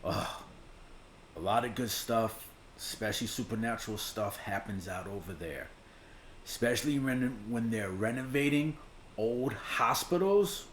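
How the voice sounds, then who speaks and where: A man reacting to a TV show in casual commentary, blunt and profane, muttering one moment and shouting the next. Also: lowish voice, measured pace, reverberant, a little hiss or hum. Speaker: reaction video host.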